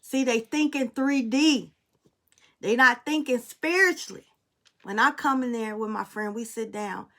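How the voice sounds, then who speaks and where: A high-pitched woman talks casually as a tarot reader and medium. She is blunt and emphatic, and drops swear words freely. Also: unhurried, a bit bright. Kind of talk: casual spiritual storytelling and tarot reading.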